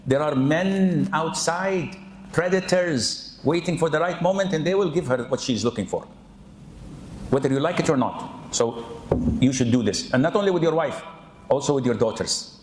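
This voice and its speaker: A man preaching a lively sermon with humorous asides, animated and often saying 'yani'. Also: fairly high pitch, normal speed, a little hiss or hum. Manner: animated, mimics people, peppers speech with 'yani'. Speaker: Islamic preacher. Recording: echoey hall.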